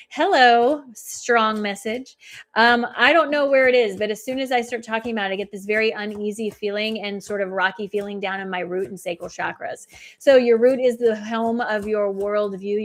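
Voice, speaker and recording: A woman hosting a live stream, giving spiritual oracle card readings and chatting with viewers in a fast, soothing way. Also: medium pitch. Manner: talks fast. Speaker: intuitive reader and coach, live stream host.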